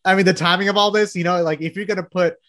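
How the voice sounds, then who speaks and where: A man from Texas with a Texan accent, hosting a casual interview and firing off quick questions, laughing often. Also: high-pitched, steady tone, a bit bright, no room sound, clean studio sound. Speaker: podcast host.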